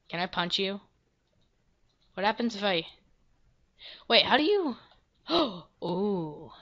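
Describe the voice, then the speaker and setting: Woman doing let's-play commentary, unhurried and bright, self-deprecating, slightly dull lo-fi mic. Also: mid-range voice, sing-song. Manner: chatty, self-deprecating, bursts into loud yelps. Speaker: gameplay video creator.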